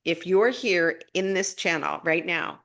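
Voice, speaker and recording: A middle-aged woman with a slightly low voice hosts a casual spiritual live stream. She answers viewer comments in an easy, rambling way. Now and then she leaps up into high, gushing asides. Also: measured pace, vocal fry. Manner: warm, gushing, breaks into excited high-pitched asides. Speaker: spiritual guidance host.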